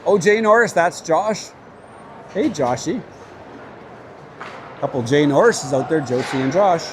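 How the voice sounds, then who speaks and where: A man's voice: fairly high pitch, animated, measured pace, noisy background. A man casually calling an amateur hockey game on a livestream, chatty and openly cheering for his team. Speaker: play-by-play commentator. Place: at a rink with a crowd.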